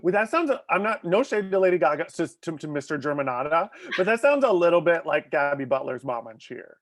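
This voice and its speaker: A man's voice: on the high side, sing-song, brisk, fairly bright tone, no echo, clean studio sound. A young man hosting a comedy podcast in a playful, theatrical way, joking with his co-host. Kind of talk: casual comedic chat.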